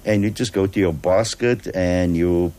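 A man with a low, mellow voice, talking patiently on a radio show. He explains step by step, stopping often to check that the listener follows. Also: a little slow. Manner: patient, explains with examples and checks "all right?". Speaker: guest.

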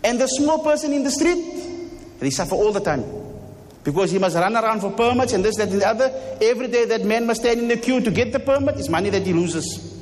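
A man's voice: high-pitched, expressive, fairly quick, long reverb tail. A man giving a fervent sermon as imam, repeating lines and firing rhetorical questions. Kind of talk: impassioned sermon. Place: mosque hall.

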